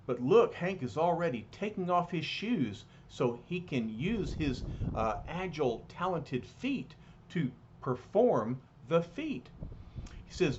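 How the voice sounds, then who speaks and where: A man's voice: on the high side, big pitch swings, slow. A man reading a comic book aloud in a hesitant way, with fillers and restarts, on a slightly dull, lightly noisy recording.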